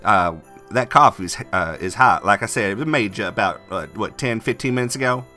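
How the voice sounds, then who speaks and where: A man's voice: lowish voice, a little fast, bright, forceful tone, soft background music. A man voicing a chatty, folksy female donut shop waitress who calls customers honey.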